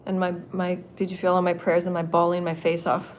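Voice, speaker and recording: A woman's voice: on the low side, completely flat delivery, brisk, slight background noise. A woman in her fifties hosting a spiritual channeling livestream from an indoor meeting room, talking in a loose, rambling way, laughing often and swearing freely. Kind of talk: casual rambling livestream chat.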